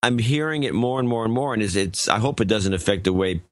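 A man's voice: fairly low pitch, steady tone, quick pace, no echo. An older man co-hosting a talk podcast in casual chat, grumbling and sarcastic. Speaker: co-host.

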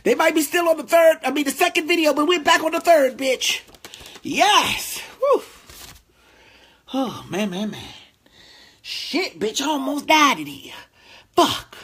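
A man talking to his fans in a casual, heartfelt vlog, animated, profane and emotional, drawing out his thanks slowly. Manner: drawls slow heartfelt thanks, then bursts high and loud. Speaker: vlogger addressing fans.

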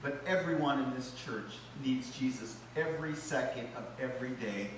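A man's voice: normal speed, slight background noise. Man preaching in an echoey church. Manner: animated preaching, rising loud on repeated phrases, dropping low for emphasis. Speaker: pastor. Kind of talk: sermon. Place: church sanctuary. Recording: echoey church hall, mic at a distance.

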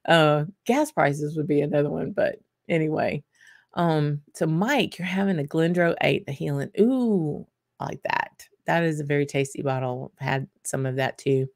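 A woman's voice: low-pitched, moderate pace, dry recording, studio quality. A middle-aged woman hosts a casual whisky livestream, chatty, laughing often and restarting her sentences. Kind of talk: casual chat reading viewer comments.

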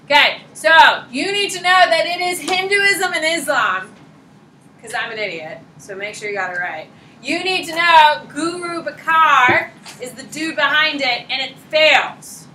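A woman teacher lecturing a high school class in a chatty, informal way, short on sleep and quick to laugh at herself. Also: animated, pushed and bright, a little hiss or hum. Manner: chatty, informal, self-deprecating. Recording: roomy classroom echo.

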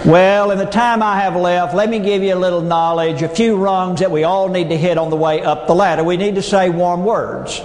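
A man's voice: high voice, steady tone, moderate pace, few pauses, a little mellow. Folksy man speaking in an echoey hall. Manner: folksy storytelling with punchlines. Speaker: motivational speaker. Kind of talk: humorous keynote speech. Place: large hall before an audience. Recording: echoey hall with long reverb.

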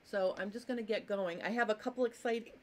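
A woman's voice: mid-range voice, fast, a little mellow. A woman with hiccups hosting a casual live sewing lesson, chatty and apologetic, greeting viewers by name. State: has hiccups. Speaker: sewing teacher and live stream host.

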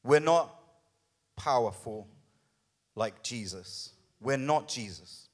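A man preaching a sermon as lead pastor, conversational and animated, often checking in with the congregation. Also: mid-range voice, takes it slowly.

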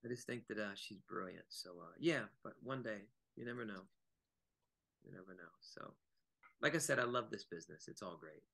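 A man from Virginia, a guest actor and choreographer, telling lively anecdotes in a casual interview. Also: lowish voice, a little fast, creaky. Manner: animated anecdote telling with acted quotes.

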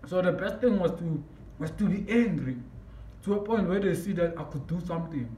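A man telling a story on his vlog, animated and excitable, breaking into shouts, recorded in an echoey room. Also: high voice, a little fast. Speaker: vlogger. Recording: echoey room, mic at a distance, faint background noise.

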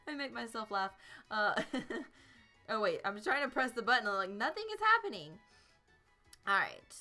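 A woman's voice: on the high side, sing-song, measured pace, long pauses, sharp tone, faint music behind. A young woman from South Carolina, chatting and giggling through a live game stream. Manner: bubbly, giggly, chatty with chat. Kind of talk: live gameplay commentary.

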